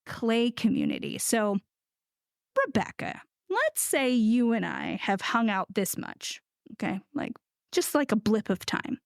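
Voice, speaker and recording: A woman's voice: mid-range voice, measured pace, gravelly, no echo, studio quality. A middle-aged woman from the United States, a ceramicist guest, telling a story in a casual interview with laughs and acted-out quotes. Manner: animated, laughing, acts out quoted voices.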